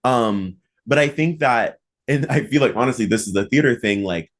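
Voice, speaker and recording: A man hosting a podcast, talking casually with lots of "like" fillers and animated emphasis. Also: medium pitch, normal speed. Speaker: podcast host and mock trial coach.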